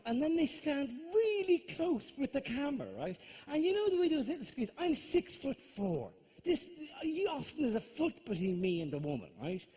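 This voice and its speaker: A man's voice: extremely high pitch, a little mellow, husky. A man with an Irish accent doing live stand-up comedy, telling chatty stories and often tagging his lines with "right?".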